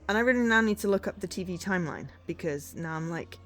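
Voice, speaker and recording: A woman streams from home, talking in a loose, rambling, self-deprecating way as she wanders from topic to topic. Her voice sits a little low for a woman. Faint music plays under her talk. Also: expressive, quick pace. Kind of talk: casual chat while livestreaming a game.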